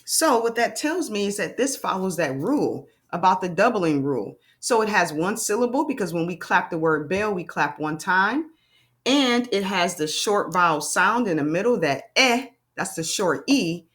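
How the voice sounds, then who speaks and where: A woman teaching a phonics lesson to young children, sounding out letters slowly and asking encouraging questions. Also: medium pitch, expressive, fairly bright tone.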